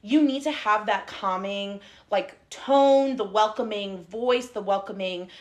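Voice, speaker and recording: A young woman from the Middle East co-hosting a podcast in a casual, chatty way, with lots of fillers and quick laughs. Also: medium pitch. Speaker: podcast co-host. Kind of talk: casual chat. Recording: live stream, recorded together in a car.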